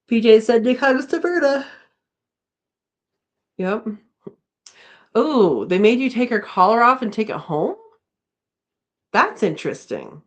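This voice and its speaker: A woman's voice: a little high, expressive, slow pace, pauses often. A woman hosting a casual live chat from home, reading viewer comments aloud and laughing often. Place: home, indoors.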